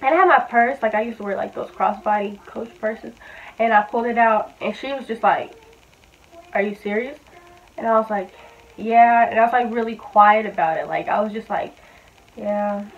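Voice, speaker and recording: A vlogger in her twenties tells a personal story casually, candid and blunt, loaded with fillers and swearing. Her voice is fairly high and her pace moderate. The audio sounds tinny, like a phone.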